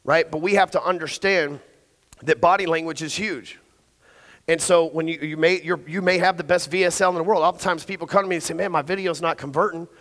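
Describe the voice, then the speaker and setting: A man's voice: a little high, fairly even intonation, fairly quick, a bit bright. A middle-aged man giving a blunt, profane sales talk on stage and quizzing the audience. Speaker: conference speaker. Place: large event hall. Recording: long hall reverb.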